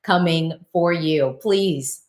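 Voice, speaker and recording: A woman's voice: deep voice, slow pace. A woman host giving casual reaction commentary to camera, chatty, often repeating phrases and restarting. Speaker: Eurovision reaction vlogger. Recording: roomy echo.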